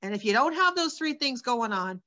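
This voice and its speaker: A woman's voice: a little high, big pitch swings, normal speed, bright, forceful tone, highs cut off. A woman sharing her personal testimony as a guest, in a candid, earnest storytelling manner with many fillers.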